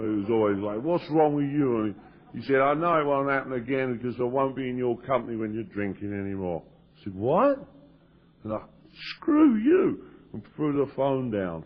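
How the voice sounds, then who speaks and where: Just a dude telling his story, jumps into loud voices for the dialogue, dull old tape sound. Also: medium pitch. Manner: storytelling, acts out quoted dialogue in raised voices. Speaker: recovery meeting speaker. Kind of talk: personal recovery story told to an audience. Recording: dull lo-fi 1992 tape of a live talk.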